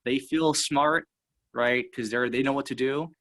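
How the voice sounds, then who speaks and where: A man's voice: mid-range voice, fairly even intonation, unhurried, a bit bright, low-quality recording. A man talking as a sales and motivational speaker in casual coaching talk, rambling and full of fillers and tag questions.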